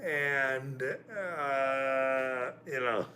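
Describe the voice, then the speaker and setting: A man's voice: medium pitch, drawn-out words, pushed and bright, a little hiss or hum. A man hosting a livestream, ranting and laughing, swearing often, insistent and repeating himself while he reacts to the chat. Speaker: livestream host. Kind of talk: casual livestream rant.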